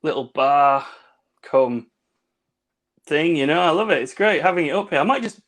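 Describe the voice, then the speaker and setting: A man's voice: on the high side, animated, moderate pace, a bit bright. A man co-hosting a casual video-call cocktail chat, rambling and swearing between laughs. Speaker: co-host.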